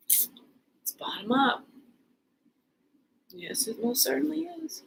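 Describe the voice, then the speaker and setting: Woman, solo vlog monologue, unhurried and excitable, wandering delivery with quiet trailing asides; voice sits a bit high. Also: creaky, slight background noise, low-quality recording. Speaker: posture and movement educator. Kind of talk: solo stream-of-consciousness video monologue.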